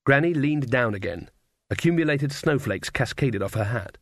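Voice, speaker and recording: Guy narrating an audiobook, mid pitch, measured, very dry close sound. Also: expressive, dry recording. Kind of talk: scripted narration.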